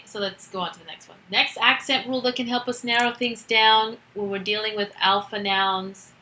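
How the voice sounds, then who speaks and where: A woman's voice: medium pitch, sharp tone, echoey room, rough recording. A woman teaching a recorded grammar lesson, explaining step by step with patience and the odd filler. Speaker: Greek teacher.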